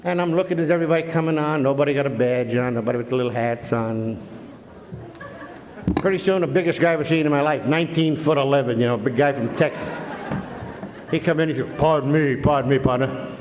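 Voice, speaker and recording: A man's voice: fairly high pitch, fast talker, slight background noise. Folksy older man telling stories in a hall. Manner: folksy, full of "you know". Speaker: recovery meeting speaker. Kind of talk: humorous storytelling talk. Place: convention hall. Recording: dull, hall-echoed 1993 convention tape.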